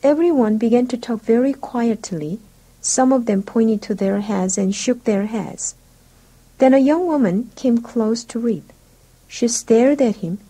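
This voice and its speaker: A woman reading a storybook aloud for English learners, slow, clear and even. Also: on the high side, rough recording. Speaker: audiobook narrator.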